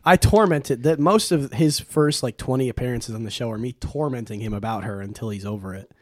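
A man's voice: mid-range voice, a little fast, no echo, studio quality. A young man co-hosting a podcast in casual chat, teasing and joking, with swearing. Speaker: podcast co-host.

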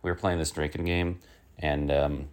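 A man's voice: rumbling low, level tone, normal speed. A man hosting a one-man comic news show, rambling with lots of fillers and sliding into irritable rants. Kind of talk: casual rambling comic monologue.

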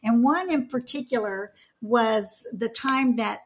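High-voiced woman telling a lively story. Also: slow pace, a little hiss or hum. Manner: animated, laughing anecdote-telling. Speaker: guest. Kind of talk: casual storytelling chat.

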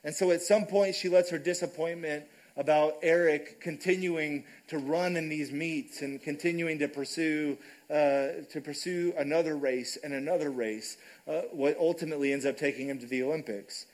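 A man delivers a sermon in a church. His voice sits a little high for a man, and his delivery is loose and conversational, often stopping to check in with the congregation. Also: steady tone, normal speed, few pauses, darkish tone, low-quality recording. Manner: conversational, frequent "right?" asides. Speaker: preacher. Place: church sanctuary.

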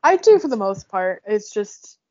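A woman's voice: medium pitch, very animated, unhurried, darkish tone, dry recording. A young woman hosting a podcast, chatting casually and emotionally, laughing often. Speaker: podcast host. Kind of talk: casual chat. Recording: dull lo-fi sound.

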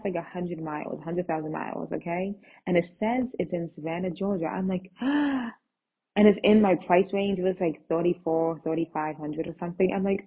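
A young woman hosting a podcast, telling a casual story in an animated way and acting out the dialogue, on a dull lo-fi recording. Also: on the low side, husky. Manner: animated, acts out quoted texts and dialogue. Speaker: podcast host.

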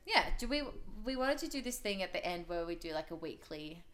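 A young woman co-hosting a casual podcast, chatty and quick to laugh. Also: on the low side, sing-song, fairly bright tone. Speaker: podcast co-host. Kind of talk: casual chat.

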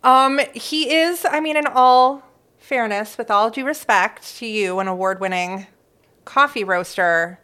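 A woman's voice: on the high side, measured pace, pushed and bright, clear, resonant tone. A woman co-hosting a casual podcast, making wry teasing remarks. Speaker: podcast co-host. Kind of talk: casual chat.

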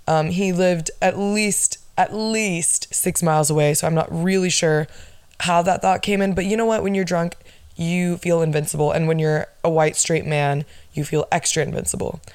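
A woman's voice: fairly low pitch, a little mellow, smooth, no room sound. A woman, hosting a casual podcast and telling a story in a chatty, profane way full of "like". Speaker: podcast host. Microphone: phone with pop filter.

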